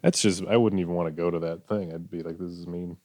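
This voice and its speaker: A man guesting on a casual comedy podcast, deadpan with animated jokey swings. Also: sits low, fast, no room sound.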